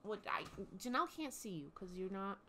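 Woman gm rambling with lots of ums, bright kinda tense voice, faint noise behind. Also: mid-range voice, big pitch swings, fairly quick. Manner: chatty, hesitant, full of ums and restarts. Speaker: game master. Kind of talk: casual tabletop game narration.

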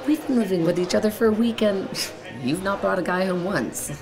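An actress playing a chatty, nosy young woman flatmate who teases quickly, in a sitcom. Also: mid-range voice, music in the background, natural voice. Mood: teasing. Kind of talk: sitcom acting.

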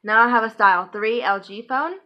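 A woman's voice: on the high side, a little fast, highs cut off. Chatty profane young woman vlogging. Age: 20s. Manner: chatty, profane, filler-heavy. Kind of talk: casual storytime vlog.

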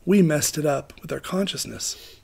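A man's voice: on the high side, animated, normal speed, vocal fry, darkish tone, breathy edge. A middle-aged man giving an informal, rambling sermon, joking about himself and laughing often. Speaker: preacher.

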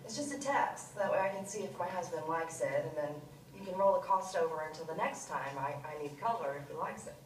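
An actress playing an insistent salon client trying to pay less. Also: female voice, low-pitched, expressive, brisk, few pauses, far from the mic, slight background noise. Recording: video played in echoey hall.

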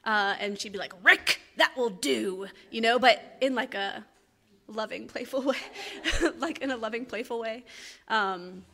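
Bright, light-hearted woman sharing memories. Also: a little high, normal speed. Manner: light-hearted, laughing often while reminiscing. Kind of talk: memorial tribute speech.

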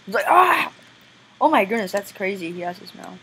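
A young woman giving casual gameplay commentary, excitable and squealing now and then, often breaking into silly voices. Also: mid-range voice, quick pace, a little hiss or hum, poor audio. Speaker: gameplay video maker.

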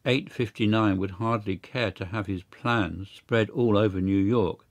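A wary conspirator, played by a man reading aloud, growling low warnings in a deep voice. The sound is close and dry. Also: fairly even intonation, a little slow, no echo.

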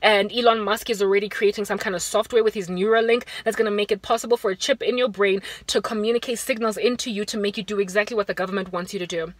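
A South African woman giving a fervent, preaching vlog monologue from inside a car, moving between urgent raised warnings and hushed appeals. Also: mid-range voice, no room sound. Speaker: Christian vlogger.

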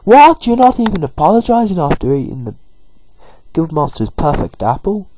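A fussy video-game bird, shrill and indignant, squawking in outrage, as a man puts it on. The voice leaps high and loud. It sounds mellow and husky underneath. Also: very animated, moderate pace, no room sound, rough recording. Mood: outraged.

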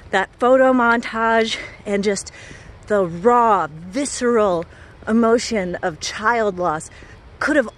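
A woman vlogging as she walks outdoors, gushing and enthusiastic, laughing often and a bit out of breath. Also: mid-range voice. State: out of breath while walking. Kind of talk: casual vlog talk to camera. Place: outdoors on a walk.

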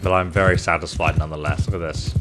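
A man's voice: sits low, steady tone, fast talker, background noise. A man commentating his strategy game playthrough with playful banter, taunting enemy soldiers as he goes. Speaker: gameplay commentator. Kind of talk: let's play commentary. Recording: faint background game music.

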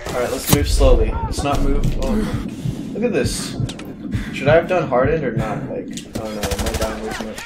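A man's voice: medium pitch, normal speed. A man giving casual let's-play commentary while playing a shooter, jumpy and self-mocking, talking to himself and his viewers. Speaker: gamer playing through a shooter campaign. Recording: roomy sound with loud game gunfire behind. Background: game gunfire and battle noise.

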